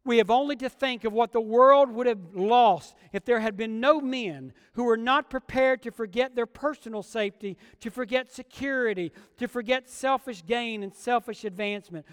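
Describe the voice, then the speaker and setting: High-voiced male pastor preaching in a hall. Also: smooth. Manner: earnest preaching, asks the congregation questions. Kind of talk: sermon.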